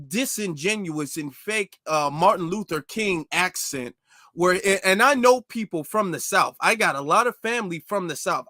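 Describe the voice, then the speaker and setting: A man hosting a commentary video, reacting critically and emphatically to a clip he pauses and mocks. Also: high-pitched, pushed and bright, no echo, studio quality.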